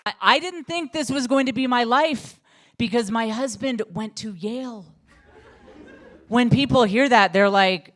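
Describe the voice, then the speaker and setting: A middle-aged woman performing a stand-up comedy set, telling self-deprecating stories with animated delivery. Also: fairly high pitch, measured pace, a little hiss or hum.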